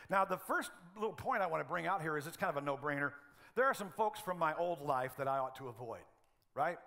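A middle-aged man preaching a sermon as pastor of a church, telling humorous stories in an animated way. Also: high-pitched.

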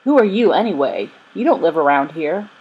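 A woman's voice: low voice, big pitch swings, a little fast, slightly rough, dull audio, heavily acted. A woman reading the lines of a boy who bullies and taunts a newcomer, in a storybook reading. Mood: taunting. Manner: shouting, jeering. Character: bullying London boy, loud and taunting.

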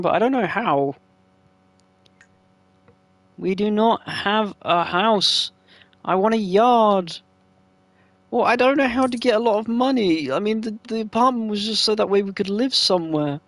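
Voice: mid-range voice, no room sound. A gameplayer chatting casually over a life-sim game, swearing freely and talking to the game characters.

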